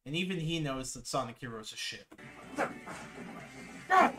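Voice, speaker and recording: A man's voice: mid-range voice, sing-song, a little slow, very noisy. A young man casually commenting on videos as a streamer, laid-back, swearing and laughing often.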